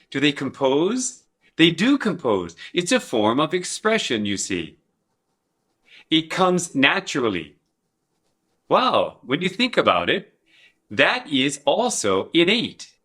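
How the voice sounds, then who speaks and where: Slow, bright-voiced male lecturer. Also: fairly high pitch, very animated, husky. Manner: rhetorical questions, demonstrates with babbling and sung syllables. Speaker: educator presenting a teaching method. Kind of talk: explanatory lecture.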